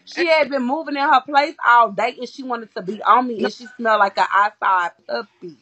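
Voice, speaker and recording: Woman, husky, blunt, profane, casual livestream chat, acts out quotes. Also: a little high, fairly quick, bright, forceful tone, highs cut off.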